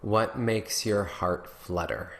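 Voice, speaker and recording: A man hosting a podcast, asking quick questions and laughing along with his guest. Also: lowish voice, steady tone, fairly bright tone. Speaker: podcast host. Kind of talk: casual interview chat.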